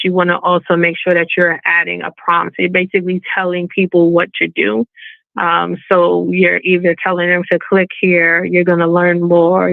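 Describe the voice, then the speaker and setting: A woman's voice: on the low side, creaky, no room sound. Chatty woman on a tinny call. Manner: chatty, filler-heavy, acts out quoted voices. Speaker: webinar presenter and balloon event business owner. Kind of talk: casual online presentation with slides. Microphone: video call. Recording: phone-like webinar audio, dry.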